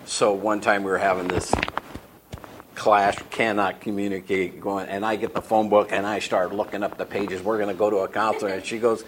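A man's voice: lowish voice, flat delivery, moderate pace, background noise. A man in his sixties giving a church talk on marriage, rambling and acting out the quotes in his stories. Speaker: marriage ministry speaker.

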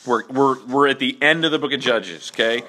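Guy teaching bible class, bright ringing voice, super casual with lots of okays and ums. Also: mid-range voice, fairly quick. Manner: conversational, many fillers and check-in okays.

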